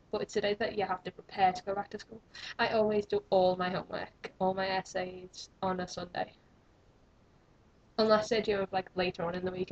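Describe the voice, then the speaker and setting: A young woman rambles cheerfully to her webcam, joking at her own expense. Her voice is husky and sits in a middle register. The sound is dull and lo-fi, as from a built-in camera mic. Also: mid-range voice. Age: young adult. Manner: rambling, self-mocking, chatty. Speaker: vlogger. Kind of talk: rambling casual vlog.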